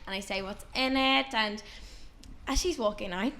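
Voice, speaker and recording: A woman tells an anecdote in casual podcast chat with a bright, forward tone. She gets animated and acts out what people said. Faint background noise sits under her voice. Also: medium pitch, normal speed. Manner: animated, laughing, acts out quotes. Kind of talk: casual storytelling.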